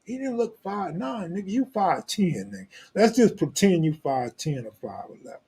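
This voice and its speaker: A man's voice: high voice, sing-song, moderate pace, mellow, slightly rough. A man hosting a live stream, reading viewer comments in blunt, profane, joking street talk. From Los Angeles, California. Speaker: host.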